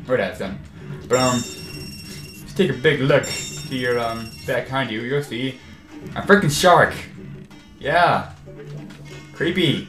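A man's voice: medium pitch, a bit bright. A man hosting a video game playthrough in casual commentary, rambling and easily exasperated. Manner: rambling and easily exasperated, says "freaking" often. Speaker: let's play host. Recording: echoey room with faint game music.

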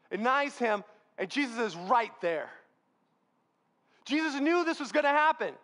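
A man preaching a sermon in a church, telling a Bible story with lively, acted-out dialogue. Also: high-pitched, quick pace. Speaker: pastor.

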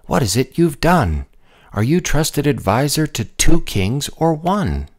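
A man's voice: a little high, sing-song, unhurried, pitched above the performer's own voice, exaggerated voice. A man voicing an honest, earnest male royal servant in a storybook, with a worried manner. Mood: shocked.

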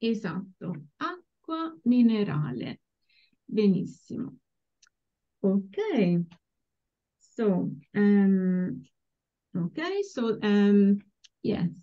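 A woman teaching a language class over a video call, slowly and patiently modeling words for students to repeat. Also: medium pitch, dark tone. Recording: dull lo-fi call audio.

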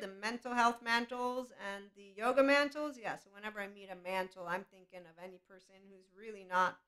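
A woman's voice: fairly high pitch, pushed and bright. A woman hosting a podcast, talking casually to her listeners in a chatty, rambling way that breaks into laughter. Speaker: podcast host. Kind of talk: casual solo talk.

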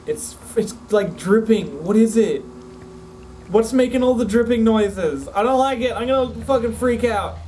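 A man's voice: sits high, expressive, measured pace, a little mellow, a little hiss or hum, rough recording. A man streaming a horror game, swearing and jumpy while he talks to his companion through a desk mic. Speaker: gameplay streamer. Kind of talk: let's play commentary. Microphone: desk mic with face cam.

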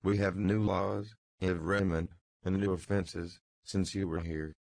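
A man's voice: deep voice, a little slow, creaky, no echo. A man reading a curt stolid officer. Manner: curt, flat questioning. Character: hard, stolid male revolutionary officer.

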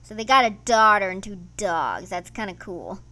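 A woman with a medium-pitched voice speaks at normal speed while running her gaming channel. Her let's-play commentary is casual, excitable, and full of playful grumbling.

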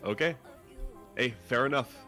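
A man playing a card game against a friend, relaxed and teasing with short reactions. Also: medium pitch, normal speed, soft background music. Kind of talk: casual gameplay chat.

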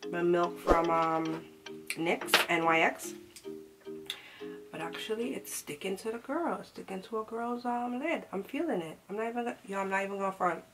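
Sassy, chatty woman vlogging over music. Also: fairly low pitch. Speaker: beauty vlogger. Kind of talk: casual makeup tutorial chat. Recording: music playing behind.

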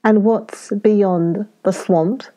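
A woman's voice: medium pitch, steady tone, very slow, warm tone. Woman voicing a timid, curious young boy.

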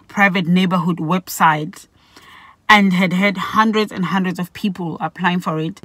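A middle-aged woman from Botswana telling a personal story in a vlog, animated and acting out the people she quotes. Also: lowish voice, no room sound. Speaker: vlogger.

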